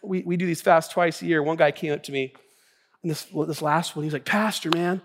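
A man pastor preaching a sermon in a church, talking in an energetic, conversational way with many restarts. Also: fairly high pitch, quick pace. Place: church sanctuary. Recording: long church hall reverb.

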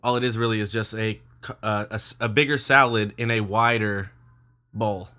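A man hosting a casual podcast, joking and rambling in a loose, quick way. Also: fairly low pitch, fairly even intonation, sharp tone. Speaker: podcast host.

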